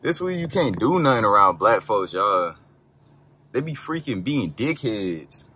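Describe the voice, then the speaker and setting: A man's voice: on the low side, very animated, measured pace, sharp tone. A young man rambling casually as he films a night drive in his car, cursing and yelping at bumps. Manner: loose, rambling, cursing, with sudden yelps at bumps. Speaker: car vlogger. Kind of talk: casual driving vlog. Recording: faint car noise.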